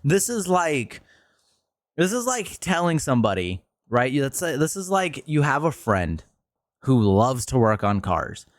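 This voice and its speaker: Exasperated male streamer, average pitch, dead-dry close mic, heated profane commentary. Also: big pitch swings, a little slow, dry recording. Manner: frustrated, exasperated, swears often; pitch jumps up sharply when worked up. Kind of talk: ranting commentary video.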